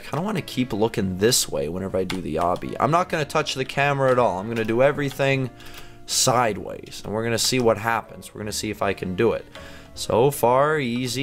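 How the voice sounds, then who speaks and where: A man giving excitable commentary over his own video game play as a gaming video host. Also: medium pitch. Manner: animated, squeals and baby-talks at cats. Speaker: gaming YouTuber.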